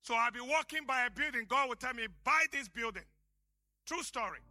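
A male pastor from Africa preaching a sermon, telling stories and shouting key lines for emphasis. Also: very high-pitched, animated, moderate pace, no echo, clean studio sound, faint music behind.

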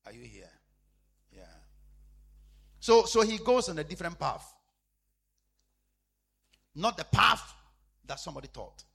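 A man preaching with a high, lively voice. His tone is bright and husky, and he repeats his phrases. He swings between shouted emphasis and low, quiet asides. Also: measured pace, pauses often. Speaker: apostle preaching. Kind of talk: sermon.

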